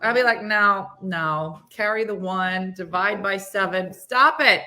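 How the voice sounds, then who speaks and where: A woman's voice: mid-range voice, measured pace. A woman hosting a casual morning chat show, telling stories and acting out what people said. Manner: animated storytelling, acting out quoted people. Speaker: host.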